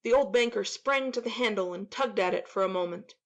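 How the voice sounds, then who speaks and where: Expressive woman narrating a classic story. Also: mid-range voice, fairly quick, highs cut off. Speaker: audiobook narrator.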